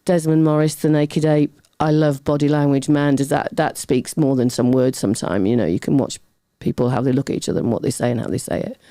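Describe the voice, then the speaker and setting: A middle-aged woman telling a personal story as a talk show guest, lively and chatty. She keeps slipping into other people's voices and drifting off on tangents. Her tone is warm and mellow, and the sound is dry and close. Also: rumbling low, a little fast, hardly any pauses, dry recording. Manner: lively, acts out quoted voices, goes off on tangents. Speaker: podcast guest.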